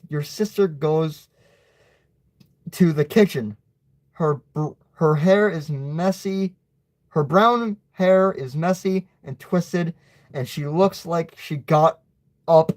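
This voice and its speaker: A young man reading his homemade short story aloud, halting, with slips and side remarks. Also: fairly high pitch, darkish tone.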